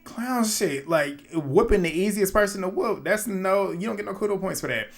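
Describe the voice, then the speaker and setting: This is a man delivering casual recap commentary on a reality show, in a slightly higher-than-usual voice. He is loose and opinionated, breaks into laughter often, and swears freely as he talks. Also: moderate pace, gravelly. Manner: animated, laughing, profane and opinionated.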